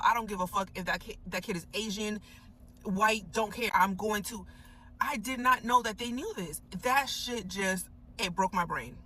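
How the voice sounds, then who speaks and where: Bright-voiced woman telling a story in a car. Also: medium pitch, a little hiss or hum, rough recording. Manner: animated, emphatic, swears freely. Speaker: storyteller recounting an encounter. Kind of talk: casual storytelling vlog. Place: inside a parked car.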